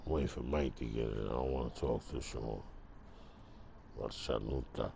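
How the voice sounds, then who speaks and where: A man's voice: very deep voice, normal speed, gravelly, mellow, slight background noise. A man ranting casually to camera in a streetwise, emphatic way. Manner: streetwise, emphatic, repeats "bro". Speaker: vlogger.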